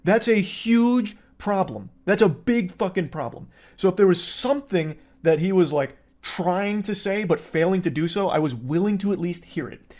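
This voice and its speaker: A man's voice: on the high side, a little mellow. A man in a recorded video, explaining events in an indignant, sometimes sarcastic commentary style.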